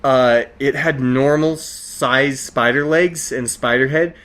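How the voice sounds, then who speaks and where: A man's voice: mid-range voice, takes it slowly. A man co-hosting a podcast, telling stories in casual chat with frequent laughter and acted-out quotes. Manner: animated storyteller, laughs often, acts out quotes. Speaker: podcast co-host.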